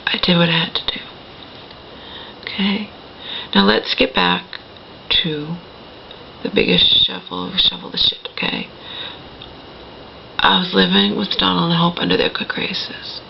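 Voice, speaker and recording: Gravelly middle-aged woman telling her story. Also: fairly low pitch, animated, moderate pace, long pauses, lo-fi sound, a little hiss or hum. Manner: rambling, emphatic, repeats "okay?" and self-corrects. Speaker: vlogger. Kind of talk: personal storytelling to camera.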